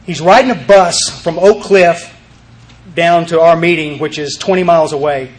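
High-voiced man telling a recovery story. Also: fairly even intonation, moderate pace. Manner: emphatic, rambling, with repeated words and restarts. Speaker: recovery meeting speaker. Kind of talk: storytelling talk to a group.

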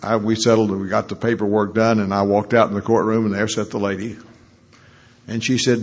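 A man's voice: lowish voice, flat delivery, brisk, slight background noise. An older man, a lawyer, telling folksy stories about his recovery at a meeting. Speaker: recovering alcoholic sharing at a meeting. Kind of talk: folksy anecdotal storytelling.

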